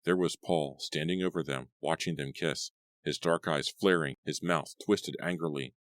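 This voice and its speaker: A man narrating an audiobook story with expressive storytelling. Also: extremely low pitch, moderate pace, no room sound, clean studio sound. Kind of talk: scripted narration.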